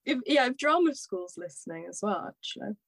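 A woman's voice: medium pitch, very animated, brisk, vocal fry, no echo. A young woman co-hosting a podcast, reading quotes aloud with giggles and stumbles in casual chat.

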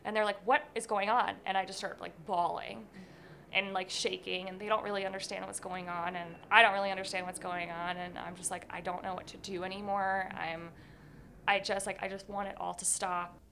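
A woman's voice: medium pitch, flat delivery, fairly quick, gravelly, bright, forceful tone, slight background noise. A young woman in her twenties, a guest telling her own story in an interview, candid and earnest, with many "like"s. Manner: candid, earnest, says 'like' often.

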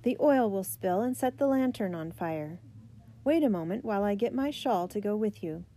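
A woman voicing a firm, practical mother in a storybook reading, brisk and commanding. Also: mid-range voice, animated, dark tone, slight background noise, lightly acted.

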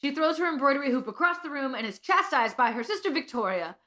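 A woman co-hosting a comedic podcast, chatting casually with a giggly, animated manner and crude jokes. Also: sits high, fast talker. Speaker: podcast co-host reading a book aloud.

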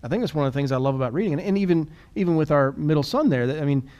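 A man co-hosting a podcast in casual chat, quick and animated, often restarting and repeating words. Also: on the high side, muffled recording. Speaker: podcast co-host.

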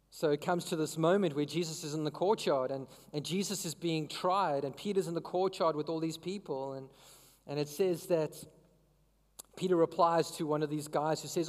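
A pastor with a slightly high voice preaches a sermon in a conversational way, tossing questions out to the congregation. The sound carries the feel of a big room.

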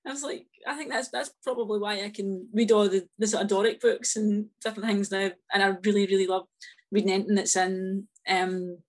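A woman with a Scottish accent, an author chatting as a podcast guest, talking in quick restarts and repeated words. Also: medium pitch, fairly even intonation. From Scotland. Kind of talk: casual interview chat.

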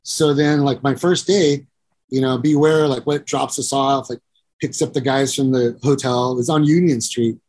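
A man's voice: mid-range voice, fairly even intonation, normal speed, a little mellow. A middle-aged man, a musician and producer, telling long profane stories and acting out the people in them. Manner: rambling and profane, acts out voices, keeps saying "you know". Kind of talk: casual storytelling interview.

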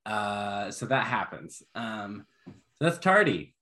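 A man with a fairly low voice that swings widely up and down as he talks. He recaps casually, full of "um" and quick laughs. It sounds like relaxed podcast banter. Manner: animated, laughing recaps with many fillers. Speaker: podcast co-host. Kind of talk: casual chat.

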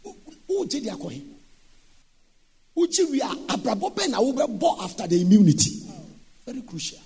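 A man preaching a sermon, moving between speech and sung shouting. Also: extremely high pitch, very animated, normal speed, husky.

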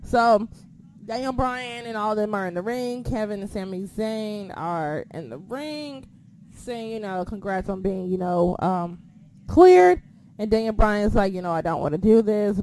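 Excitable, foul-mouthed woman chatting. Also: medium pitch, measured pace, a little hiss or hum. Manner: excitable, swears a lot, loses her train of thought. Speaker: podcast co-host. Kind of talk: casual chat recap.

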